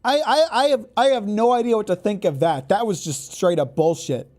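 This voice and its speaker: A man's voice: sits high, fairly quick, a little mellow, faint music behind. A man giving casual gameplay commentary, exasperated and profane, stammering and repeating words as he reacts. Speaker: gaming YouTuber.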